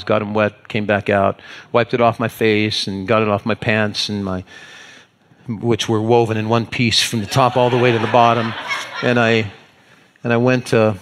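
A man preaching as a pastor, telling a self-mocking everyday story in a folksy, conversational way. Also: lowish voice. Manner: folksy, self-mocking anecdote with acted-out voices. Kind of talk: storytelling sermon.

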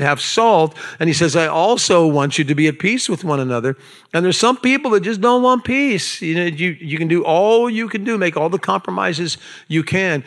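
A man preaching a sermon to a congregation in a church, animated and conversational, with asides to the people in the room. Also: on the high side. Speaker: pastor. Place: church sanctuary.

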